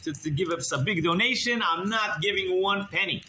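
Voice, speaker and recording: A man's voice: high voice, moderate pace, bright, forceful tone, pitched above the performer's own voice. Man doing a stingy, suspicious rich man. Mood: dismissive. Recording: roomy hall with background noise.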